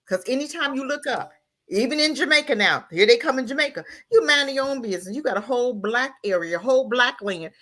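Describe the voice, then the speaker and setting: Fiery high-voiced woman radio host. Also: lively intonation, brisk, fairly bright tone. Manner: impassioned, emphatic, rhetorical questions. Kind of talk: heated opinion talk.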